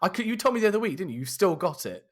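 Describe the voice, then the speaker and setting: A man's voice: high voice, sing-song, rapid-fire. A man co-hosting a podcast, telling a story in casual chat, swearing, laughing and acting out what people said. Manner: swearing, laughing, acts out quoted lines. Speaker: podcast co-host.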